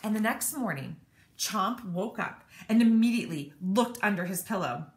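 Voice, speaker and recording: A woman teacher reading a children's storybook aloud, animated and expressive. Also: medium pitch, moderate pace. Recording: echoey room.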